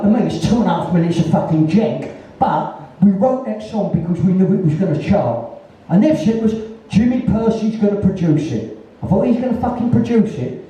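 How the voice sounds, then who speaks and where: A man's voice: sits high, dark tone, lo-fi sound. A Cockney man from East London in his sixties, telling rambling, foul-mouthed anecdotes on stage and acting out other people's voices. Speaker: guest storyteller. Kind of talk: live on-stage conversation. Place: venue in front of an audience. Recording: roomy, distant, faint noise.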